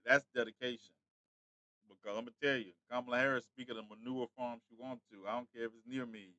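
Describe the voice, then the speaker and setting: A man's voice: mid-range voice, fairly even intonation, fast, sharp tone, no echo. Chatty man hosting a livestream. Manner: chatty, talks straight to viewers. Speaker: livestream host. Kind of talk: casual livestream chat.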